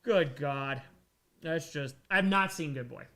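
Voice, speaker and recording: A man's voice: on the high side, takes it slowly, a bit bright. A man hosting a casual livestream Q&A, rambling enthusiastically through his answers and thanking donors along the way. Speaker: livestream host answering viewer questions. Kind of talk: casual chat.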